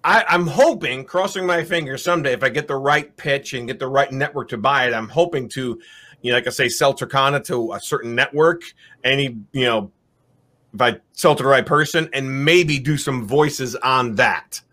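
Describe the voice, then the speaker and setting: A man in his thirties or forties chatting casually as a guest voice actor, animated and laughing often. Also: medium pitch, moderate pace. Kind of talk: casual chat.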